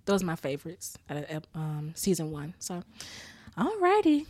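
A woman's voice: low voice, brisk, dry recording. Woman podcaster recapping an old sitcom, cusses a lot, laughs a ton, kinda tired, dry close sound. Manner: profane, laughs often, animated storytelling. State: tired after a rough weekend. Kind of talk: casual chat recap.

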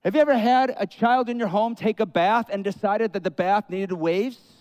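A male pastor preaching a sermon in an expressive way, acting out quoted prayers as he goes. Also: high-pitched, normal speed, dry recording.

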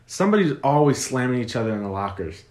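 A man's voice: medium pitch, very animated, fast, a loud crowd. A teenage boy trading sarcastic, joking quips with his sisters in a casual chat. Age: teens. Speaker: podcast co-host. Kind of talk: casual chat between siblings. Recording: audible background noise.

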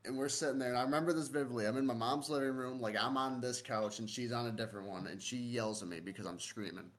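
A man's voice: medium pitch, quick pace. A young man in casual podcast chat, eagerly telling a story from when he was a kid. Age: young adult. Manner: eager storyteller recalling a childhood memory.

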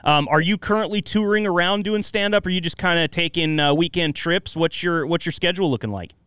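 Podcast host guy, smooth kinda high voice, dry close sound, eager chatty questions. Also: fairly quick, fairly bright tone, no room sound. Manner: enthusiastic, relatable asides. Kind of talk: casual interview chat.

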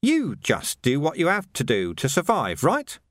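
A man voicing a cruel, sly sergeant who speaks with mocking, slow menace. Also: fairly high pitch, huge pitch swings, fairly bright tone, dry recording, studio quality, pitched above the performer's own voice, heavily acted. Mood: menacing.

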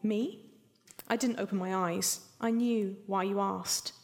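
A woman author reading a passage of her novel aloud at a live event, softly and measured. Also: medium pitch, steady tone, gravelly. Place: event hall with audience. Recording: long hall reverb.

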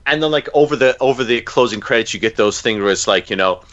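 A man's voice: mid-range voice, fast, fairly bright tone, no room sound, lo-fi sound. A man co-hosting a podcast, reading out a listener's story idea and joking along with his co-host. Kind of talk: reading a fan entry, then casual chat.

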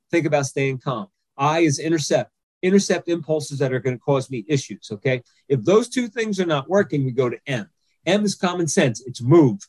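A man's voice: on the high side, a little mellow, dry recording. A man, an anger management coach, explaining his method step by step on a podcast and checking in with "okay?" again and again.

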